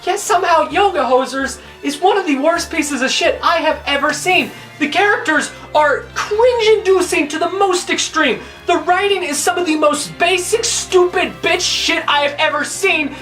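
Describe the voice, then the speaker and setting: A woman's voice: very high-pitched, animated, moderate pace, hardly any pauses, fairly bright tone, faint music behind. A woman movie reviewer ranting through a countdown of bad films, exasperated and profane.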